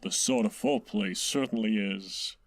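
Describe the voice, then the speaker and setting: A man voicing a laid-back, deadpan male character in an amateur fan dub with a slow, drawling delivery. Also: fairly low pitch, gravelly, exaggerated voice.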